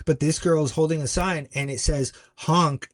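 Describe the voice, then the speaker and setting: A man guest on a podcast, telling a story earnestly and acting out other people's lines with sudden jumps in pitch. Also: fairly even intonation, normal speed, no echo. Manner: earnest, acts out quoted voices with big pitch jumps. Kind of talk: conversational storytelling.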